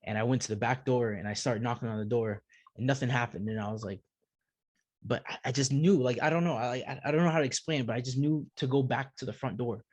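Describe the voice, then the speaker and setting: A man, a podcast guest, telling a personal story in a halting way, often repeating words as he searches for them. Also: medium pitch, a little mellow, no echo.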